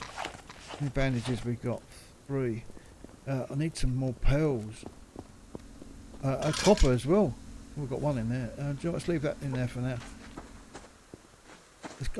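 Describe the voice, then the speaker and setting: A man's voice: mid-range voice, normal speed, pauses often, mellow, a little hiss or hum. A man chatting and muttering to himself as he plays a survival game, with mild swearing and asides to viewers. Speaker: gaming channel host.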